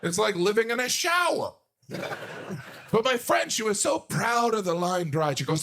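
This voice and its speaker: Animated man doing stand-up. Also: a little slow. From United States. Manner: animated, self-deprecating, jumps to high outraged acted-out voices. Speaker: stand-up comedian. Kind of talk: stand-up comedy routine.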